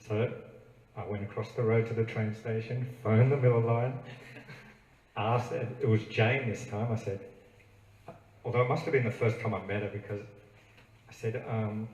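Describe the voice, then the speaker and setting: A man's voice: fairly low pitch, steady tone, normal speed, long pauses, a little mellow, highs cut off. Australian man telling a comic story in a roomy venue. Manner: rambling, self-amused anecdote with chuckles. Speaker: singer-songwriter telling a story between songs. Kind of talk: comic storytelling at a live gig. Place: small bookstore venue with an audience. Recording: roomy, distant live recording with faint ambience.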